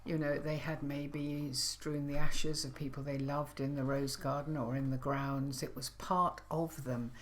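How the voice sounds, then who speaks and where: An older woman co-hosting a podcast, reflecting thoughtfully in a soft-spoken, conversational way. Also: very deep voice, level tone, unhurried, hardly any pauses, slight background noise. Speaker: podcast co-host. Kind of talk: reflective casual chat.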